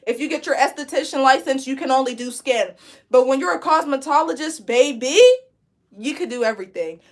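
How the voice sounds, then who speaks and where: A loud young woman runs a live online braiding class. She talks in a chatty, encouraging way, reading viewers' comments aloud as she works. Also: sits high, fast. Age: 20s. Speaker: braid instructor.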